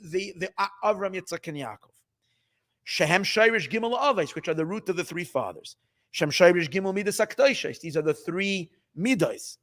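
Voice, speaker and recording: Casting note: excitable male rabbi in a Torah class, high voice that swoops up and down. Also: normal speed. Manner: excitable, emphatic, mixes Hebrew and Yiddish terms, repeats phrases. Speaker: rabbi teaching Hasidic text. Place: study hall.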